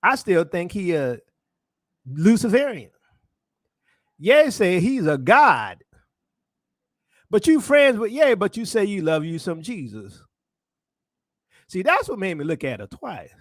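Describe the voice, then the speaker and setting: A man's voice: high-pitched, sing-song, slow pace, pauses often, dry recording, studio quality. A man preaching in a casual sermon style, hammering points with repeated phrases and rhetorical questions. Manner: emphatic, repetitive rhetorical questions. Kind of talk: street-style sermon commentary.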